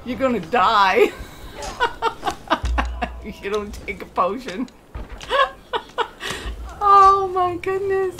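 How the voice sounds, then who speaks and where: A woman's voice: sits high, very animated, very slow, long pauses, a little hiss or hum. An older woman streaming a video game, exclaiming and talking to herself as she plays. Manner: exclamatory, gasping, talks to herself. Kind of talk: excited live gameplay commentary. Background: loud game music.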